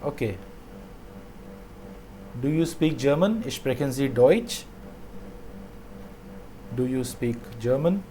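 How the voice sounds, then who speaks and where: A man teaching a language lesson, saying each phrase slowly twice and then explaining it. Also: mid-range voice, lively intonation, dark tone, slight background noise.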